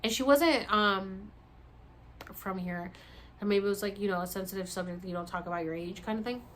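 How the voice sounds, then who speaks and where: Animated woman telling a story. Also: mid-range voice, brisk, a little hiss or hum. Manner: animated, acts out the dialogue. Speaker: vlogger. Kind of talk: casual storytelling.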